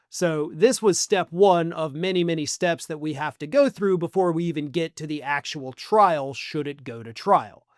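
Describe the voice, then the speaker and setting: A man's voice: fairly high pitch, no echo, clean studio sound. A man hosting online political commentary in a sarcastic, mocking manner. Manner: sarcastic, mocking, acts out quotes.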